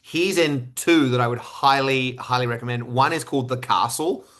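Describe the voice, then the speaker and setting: A man in his thirties with an Australian accent answers interview questions as a podcast guest, in a conversational way. His mid-range voice is fairly bright and moves at normal speed, and he often repeats words while starting a thought.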